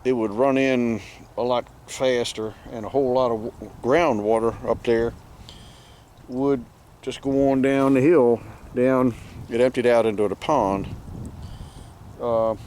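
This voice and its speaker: A folksy male farmer with a drawl rambles outdoors in a pasture, speaking into a handheld camera. His voice sits at an ordinary pitch, and a faint hiss of outdoor noise runs underneath. He talks in an easygoing, wry way. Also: steady tone, measured pace, pauses often, a little mellow. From Southern Maryland, United States. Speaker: farmer vlogger. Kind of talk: casual walk-and-talk narration.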